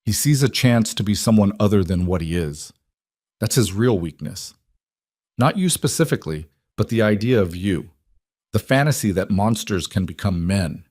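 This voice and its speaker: A man voicing a cold, calculating male crime boss who speaks in measured, menacing tones. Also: on the low side, animated, darkish tone, no room sound, clean studio sound. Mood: cold menace.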